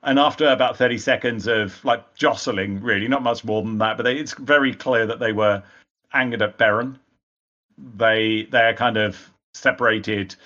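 A man's voice: on the low side, steady tone, normal speed, sharp tone, muffled recording. A man narrating as game master of a tabletop game, rambling with frequent hesitations.

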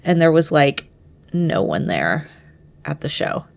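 A woman's voice: sits low, big pitch swings, takes it slowly. A young woman co-hosting a podcast, chatting casually about a book, often laughing and trailing off mid-sentence. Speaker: podcast co-host. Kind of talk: casual book discussion chat.

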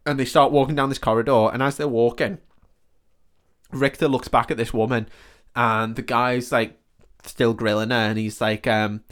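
A man in casual podcast chat, walking through a film plot. He swears freely and laughs often, and his voice sits at an ordinary middle pitch. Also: flat delivery, normal speed, a bit bright. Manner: swearing, laughing, retelling scenes. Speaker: podcast co-host.

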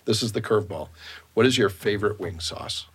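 A man's voice: fairly low pitch, husky. A middle-aged man with a Boston accent hosting a podcast in a playful, chatty way. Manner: chatty, playful, quick to laugh. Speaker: podcast host. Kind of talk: casual interview chat.

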